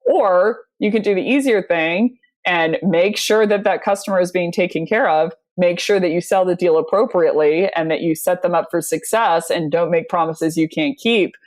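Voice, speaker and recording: Low-voiced woman, animated guest. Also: moderate pace, hardly any pauses. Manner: animated storytelling with frequent laughs and fillers. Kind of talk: casual interview talk.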